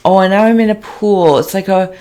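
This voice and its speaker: A woman giving a slow, halting spiritual reading, describing visions in a soft, emotional, dreamy way. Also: medium pitch. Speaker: intuitive reader.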